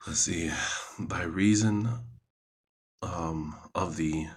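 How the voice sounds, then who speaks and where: A man with an extremely deep, husky voice reads scripture aloud at an unhurried pace. He stumbles and corrects himself as he goes, and stops now and then for casual asides. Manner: halting, self-correcting reading. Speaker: Bible reader.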